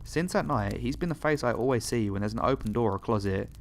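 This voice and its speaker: A man narrating a first-person horror story in a measured, somber scripted read. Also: medium pitch, lively intonation, slight background noise. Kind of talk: scripted narration of reader-submitted horror stories.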